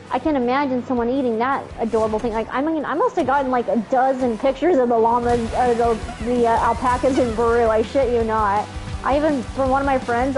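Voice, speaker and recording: High-voiced young woman swearing through a story. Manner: animated storyteller, swears freely. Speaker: gamer co-streamer. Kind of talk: casual chat while gaming.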